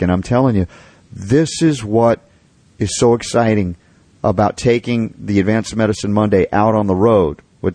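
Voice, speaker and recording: A man's voice: lowish voice, darkish tone, no echo. A man hosting a radio talk show, speaking with emphatic enthusiasm. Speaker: radio host.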